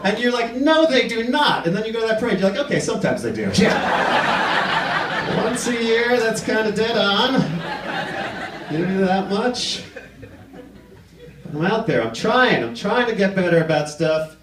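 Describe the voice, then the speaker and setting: Male stand-up comic, lively delivery, slips into voices for his characters; roomy live recording from a distance, with audience noise. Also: sits high, unhurried, long pauses. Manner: animated, acts out quoted people in put-on voices. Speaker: stand-up comedian. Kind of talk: stand-up comedy set. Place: live comedy theater with audience laughter.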